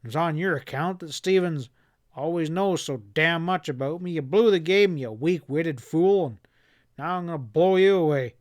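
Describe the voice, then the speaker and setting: A man's voice: on the high side, normal speed, close to an everyday voice. A man voicing a hard, furious outlaw boss in a western audiobook, snarling and roaring his threats.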